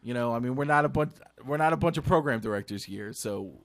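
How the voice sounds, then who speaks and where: A man's voice: mid-range voice, expressive, fast talker, dry recording. A man hosting a casual radio show, talking earnestly and rambling with restarts, slightly out of breath.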